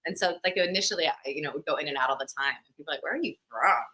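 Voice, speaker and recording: A woman's voice: low-pitched, rapid-fire, bright, forceful tone, rough recording. A woman from Australia with a mostly American accent, chatting animatedly as a podcast guest, with lots of fillers. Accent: American with Australian slipping in. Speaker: guest, actor and content creator. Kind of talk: casual podcast chat.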